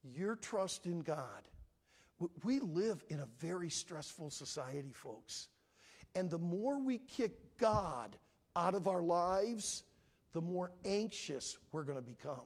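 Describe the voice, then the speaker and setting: A man's voice: high-pitched, animated, slow, slightly rough. A man preaching as pastor in a church, earnestly urging listeners through an altar call and voicing the prayers they might pray. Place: church sanctuary.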